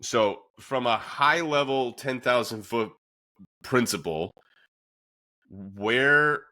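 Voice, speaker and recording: A man's voice: medium pitch, takes it slowly, bright, forceful tone, dry recording. A man hosting a podcast, chatty and laughing often, with lots of fillers. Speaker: podcast host. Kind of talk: casual podcast conversation.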